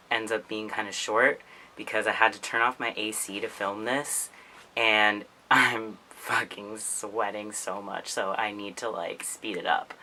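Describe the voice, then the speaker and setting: A man chatting to camera in a casual vlog. His voice is bright and on the lower side. He rambles a little, leans on "like" and breaks into laughs. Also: slight background noise, low-quality recording. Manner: chatty, heavy use of "like", laughs often. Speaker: vlogger.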